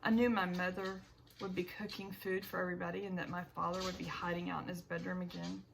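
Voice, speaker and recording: A woman narrating an audiobook in the first person, with a measured reading and small self-corrections. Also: fairly low pitch, little pitch movement, creaky, noisy background.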